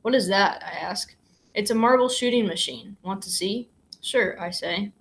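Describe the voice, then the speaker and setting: A woman reading a children's novel aloud in a steady, plain storybook manner, with only light changes for the characters. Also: medium pitch, normal speed, vocal fry, low-quality recording. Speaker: reader.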